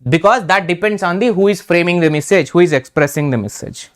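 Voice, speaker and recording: A man's voice: sits high, fairly quick. A middle-aged man with an Indian English accent, teaching an exam revision lecture, repeating key terms and checking in with "right?".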